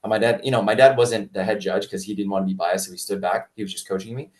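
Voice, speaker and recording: A man, a martial arts instructor, telling a story in a casual interview, rambling with restarts and jumping much higher when he quotes people. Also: fairly even intonation, fast talker, far from the mic. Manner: rambling with many restarts and fillers; acts out quoted voices in a much higher pitch.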